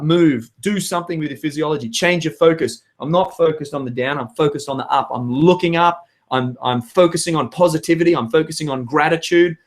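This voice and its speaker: A hoarse young man giving an energetic motivational talk to his viewers, with emphatic outbursts. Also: on the high side. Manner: energetic, emphatic, bursts into loud shouts. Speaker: vlogger.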